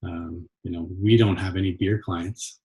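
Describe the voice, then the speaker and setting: Relaxed low-voiced Canadian agency owner. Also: male voice. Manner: relaxed, halting, many ums and restarts. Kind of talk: casual interview chat.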